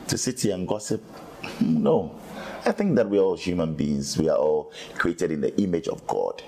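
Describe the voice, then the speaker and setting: A man's voice: low-pitched, a little mellow, rough recording. A middle-aged man with a Ghanaian English accent, a guest in a sit-down interview, telling his story in an upbeat, earnest way with many repeated starts. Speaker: interview guest, media executive.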